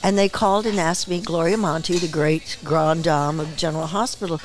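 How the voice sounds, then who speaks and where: Animated older woman telling stories. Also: low-pitched, a little fast. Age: 70s. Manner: lively storyteller who acts out quoted voices, laughs often. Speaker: guest actress and director. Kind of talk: casual interview storytelling. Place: small bar.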